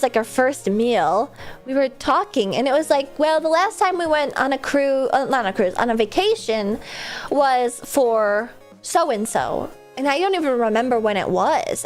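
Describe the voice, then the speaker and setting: Young female streamer, rambling storyteller; high, bouncy, very expressive pitch; soft music bed. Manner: animated, jumps into high squeals when laughing. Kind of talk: casual chat.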